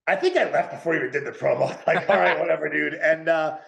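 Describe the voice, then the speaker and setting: A man's voice: on the high side, sing-song, very fast, vocal fry, dull audio. A man, talking casually as a podcast guest, rambling with lots of "like" and "dude". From New England. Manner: rambling, heavy use of "like" and "dude". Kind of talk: casual interview chat. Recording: echoey room.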